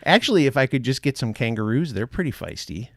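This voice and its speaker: A man's voice: medium pitch, sing-song, fast, no room sound, studio quality. A man from the United States hosting a podcast, chatting in a playful, rambling way. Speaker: podcast host. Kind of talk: casual chat.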